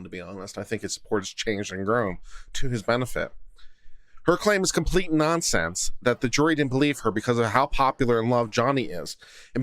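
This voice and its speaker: A man, hosting a casual law livestream at a mid pitch. He reads comments aloud and answers with legal commentary on a close, dry studio condenser mic. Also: a bit bright, no echo.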